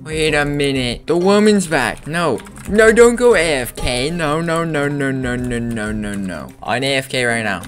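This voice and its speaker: A man giving excitable, playful commentary over gameplay, breaking into sudden loud outbursts. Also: a little high, unhurried, few pauses, faint music behind. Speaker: gaming video creator.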